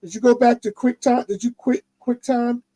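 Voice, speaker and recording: High-voiced instructor, mellow tone. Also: male voice, steady tone, moderate pace, no echo. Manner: talks others through tech steps, repeats himself. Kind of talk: casual classroom chat.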